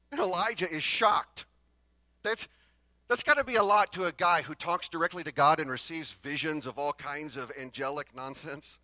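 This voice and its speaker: A man's voice: fairly high pitch, normal speed, no echo. Dynamic male pastor preaching a sermon. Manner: dynamic preaching that swings from loud bursts to hushed lines; acts out the exchanges between the prophets in their own voices.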